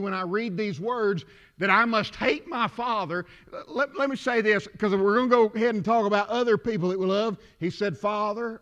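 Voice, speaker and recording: A man preaching a sermon, talking to the congregation as if in conversation and swinging between loud declaring and quiet asides. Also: sits high. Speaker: pastor. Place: church.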